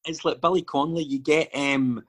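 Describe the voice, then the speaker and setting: The voice here is on the high side, steady and fairly bright, with a brisk pace. He's a Scottish actor and filmmaker chatting casually as a guest, recounting stories and rambling into tangents packed with fillers.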